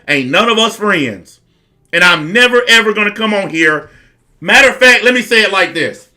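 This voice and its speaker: A man's voice: sits high, sharp tone. A man delivering a blunt, profane rant straight to camera. He is aggressive and confrontational, hammering his points home by repeating them. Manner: repeats lines for emphasis. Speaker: online commentator.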